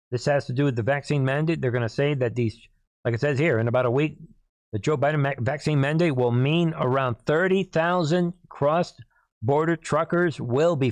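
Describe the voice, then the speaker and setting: Delivering a political monologue as host, a hoarse man of medium pitch speaks emphatically, keeps clearing his throat, and calls out to his audience as "people." The recording carries no room sound.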